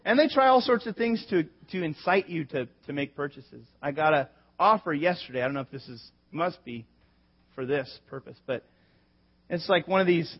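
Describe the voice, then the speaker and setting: High-voiced man in his thirties preaching. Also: moderate pace. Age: 30s. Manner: conversational storytelling with quoted asides. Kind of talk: sermon. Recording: slightly dull lo-fi sound.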